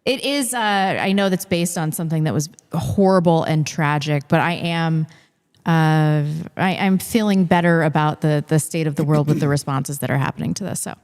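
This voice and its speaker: A woman hosting a casual political talk show, animated and full of fillers. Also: deep voice, moderate pace, long reverb tail. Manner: animated, laughs often, many fillers. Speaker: podcast host.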